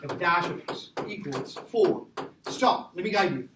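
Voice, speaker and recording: A man's voice: sits high, animated, unhurried, noisy background. A man teaching a math class, emphatic and repetitive as he quizzes his students. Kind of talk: classroom lecture. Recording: echoey classroom from far off.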